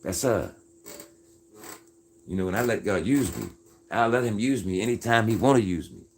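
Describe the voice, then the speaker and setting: A man's voice: on the low side, lively intonation, moderate pace, slight background noise. A man hosting a casual faith-based livestream, earnest and folksy, keeps calling his viewers "folks" and "man.". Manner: earnest, preacher-like insistence. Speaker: livestream host reading viewer comments.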